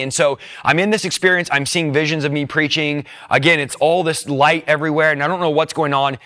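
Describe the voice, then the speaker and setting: A man's voice: a little high, fairly even intonation, fairly quick, hardly any pauses, sharp tone. A young man telling his personal faith testimony, earnest and emotional, tearful as he speaks.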